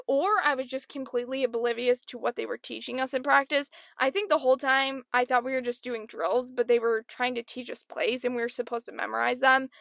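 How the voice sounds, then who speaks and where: A woman's voice: sits high, gravelly, fairly bright tone, no echo. A young woman hosting a podcast, telling stories in a chatty, self-deprecating way with lots of "like". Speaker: podcast host. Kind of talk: casual storytelling.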